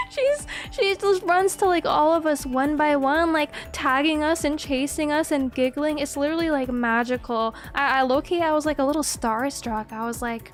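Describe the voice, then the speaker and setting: High-voiced giggly young woman streamer. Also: moderate pace, soft background music. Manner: giggly, excitable, swearing. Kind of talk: casual chat.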